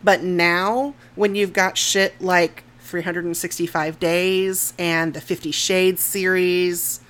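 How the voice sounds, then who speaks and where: A woman's voice: lowish voice, little pitch movement, takes it slowly, a bit bright. Sweary, laughing woman podcaster. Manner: frank and sweary, laughs often, trails off mid-sentence. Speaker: podcast co-host. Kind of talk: casual movie review chat.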